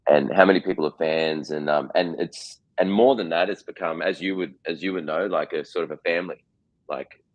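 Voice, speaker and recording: A man's voice: low voice, brisk, highs cut off. An Australian man in his forties, a guest actor chatting in an interview, rambling with lots of restarts and repeated words. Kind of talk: casual interview chat.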